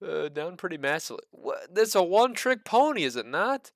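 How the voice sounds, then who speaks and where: A man's voice: sits high, big pitch swings, fairly quick, few pauses, no echo, clean studio sound. A man hosting a casual stock market video, full of joking, incredulous asides. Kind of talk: casual commentary.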